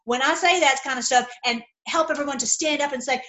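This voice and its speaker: High-voiced woman ranting to camera. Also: fairly quick, few pauses, bright, forceful tone, rough recording. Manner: impassioned, heated, repetitive restarts. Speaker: video commentator. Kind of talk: casual opinion monologue.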